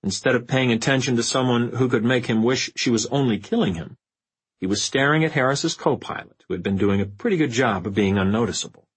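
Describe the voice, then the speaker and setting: A man narrates a fantasy novel at an even, measured pace. His voice sits at a middle pitch with a husky grain. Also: poor audio. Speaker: audiobook narrator. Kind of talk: scripted narration.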